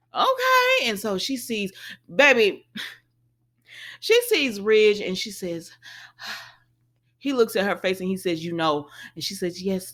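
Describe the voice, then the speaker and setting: A woman casually recapping a soap opera episode, paraphrasing the characters and reacting with exclamations while talking to her viewers. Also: mid-range voice. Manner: animated, exclaims, paraphrases dialogue, addresses viewers as y'all. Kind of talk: casual chat.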